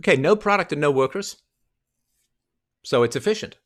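Middle-aged guy ranting and swearing over a clip, pitch jumps all over the place, mocking and loud. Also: expressive, moderate pace. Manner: profane, mocking, emphatic ranting. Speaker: podcast host commenting on a clip. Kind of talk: ranting commentary.

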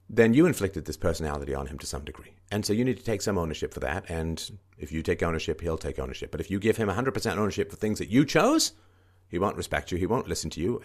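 A man with a very low voice talks through a news article, reading passages and stopping to comment. He is emphatic and keeps repeating his key points. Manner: emphatic, repetitive, swings into mocking higher-pitched quoting.

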